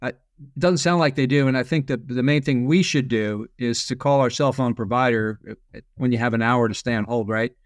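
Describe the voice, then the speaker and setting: A man's voice: mid-range voice, fairly quick, no echo, clean studio sound. A man as a podcast guest, explaining at length with frequent restarts. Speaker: guest, former FBI agent. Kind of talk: casual podcast interview.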